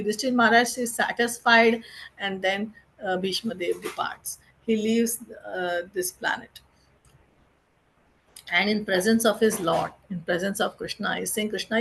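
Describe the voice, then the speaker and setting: A woman's voice: a little high, fairly bright tone, poor audio. A woman teaching a scripture lesson, retelling the stories off the cuff with many fillers and restarts. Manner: unscripted, with frequent fillers and restarts.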